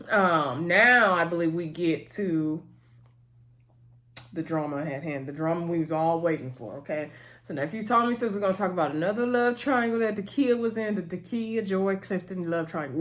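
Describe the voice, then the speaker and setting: A woman hosting her own channel, giving a chatty, opinionated recap of a reality show with frequent asides to her viewers. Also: medium pitch. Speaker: channel host. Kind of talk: casual reality-TV recap commentary.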